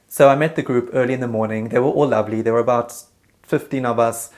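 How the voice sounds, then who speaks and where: A man telling a comedic travel story in a vlog, animated and self-mocking, slipping into quick put-on voices. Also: mid-range voice, loud music behind the voice.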